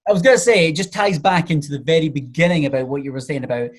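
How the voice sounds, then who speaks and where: A man's voice: on the high side, rapid-fire. A man talking as a podcast guest, a coach chatting casually and explaining ideas with lots of everyday examples and filler phrases.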